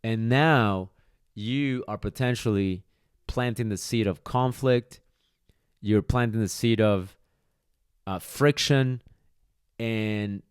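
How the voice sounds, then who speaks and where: A man's voice: on the low side, clean tone, no echo, studio quality. A man who trains dogs, hosting a podcast monologue and speaking bluntly and emphatically, with casual swearing. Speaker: dog trainer, podcast host.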